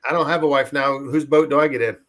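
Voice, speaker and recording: A man's voice: mid-range voice, fairly even intonation, fast, a bit bright. Joking man hosting a livestream. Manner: joking, reads out comments. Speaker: channel host. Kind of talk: casual chat on a livestream.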